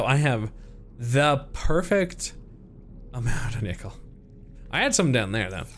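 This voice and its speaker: A man's voice: lowish voice, expressive, normal speed, fairly bright tone, a little hiss or hum. A young man streaming a game, chatting playfully to his viewers and to the creatures on screen. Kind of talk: casual gameplay commentary.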